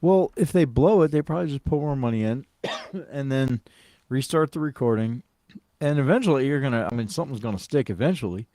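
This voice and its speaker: A man's voice: mid-range voice, lively intonation, brisk, warm tone, no room sound, clean studio sound. A man co-hosting a podcast in laid-back casual chat, easygoing and agreeable. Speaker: podcast co-host.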